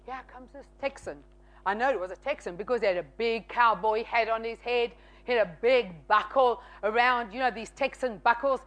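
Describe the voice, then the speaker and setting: A woman with a high, bright-sounding voice shares her faith testimony on a talk show. She tells it with lively energy, slipping into the voices of the people in her story. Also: normal speed. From South Africa. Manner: lively, acts out quoted dialogue. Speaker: guest sharing testimony.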